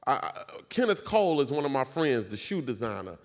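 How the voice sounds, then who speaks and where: A man on a panel telling stories animatedly, his voice jumping high and loud, recorded in a large hall before an audience. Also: very animated, brisk. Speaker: panel guest, filmmaker. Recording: reverberant hall with audience noise.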